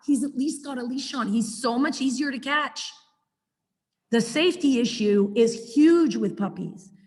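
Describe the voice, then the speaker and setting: A woman's voice: sits high, a little slow, a little mellow, big-room sound. A middle-aged woman teaching a puppy training class on a video call, chatty and acting out her corrections to the dog. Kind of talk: online class lecture.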